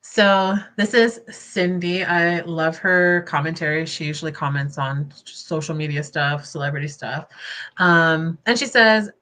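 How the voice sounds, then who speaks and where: A young woman hosting casual livestream commentary, expressive and indignant, laughing often between points. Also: sits low, measured pace. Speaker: commentary channel host.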